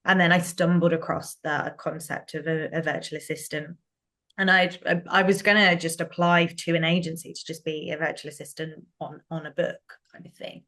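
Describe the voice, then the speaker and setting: Chatty woman with a low voice. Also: steady tone, normal speed, a bit bright. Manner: chatty, laughs often, many fillers and restarts. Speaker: guest, business owner. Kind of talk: casual interview chat.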